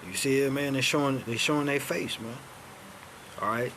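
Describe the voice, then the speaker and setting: A man giving an informal lesson at an everyday pitch, checking in every few phrases with "all right?" and "man." He reads passages aloud, then breaks off to ask a question and answer it himself. There is a faint hum of noise behind him. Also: normal speed. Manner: peppers talk with "all right?", "man" and "see that?"; street-casual grammar. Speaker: self-styled teacher. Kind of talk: informal teaching, reading documents aloud.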